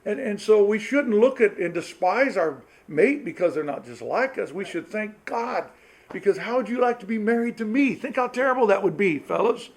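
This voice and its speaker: A man's voice: high-pitched, expressive, normal speed, rough recording. A middle-aged man speaking to a church marrieds group, telling folksy stories with laughs and acted-out quotes. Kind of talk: storytelling sermon talk.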